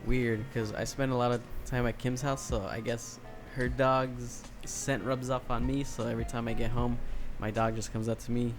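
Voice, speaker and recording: A laid-back young man in casual podcast chat, cracking crude jokes. His voice sits at an ordinary pitch. Music plays clearly in the background. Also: level tone, moderate pace, hardly any pauses. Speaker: podcast co-host.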